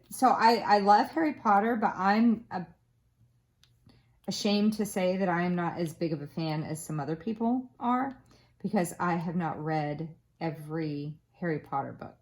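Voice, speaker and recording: A crafting vlogger, a woman in her thirties or forties, chats casually while she works on a project. She has a lowish voice with a slight Southern Florida twang, rambling along in a self-deprecating way with plenty of fillers.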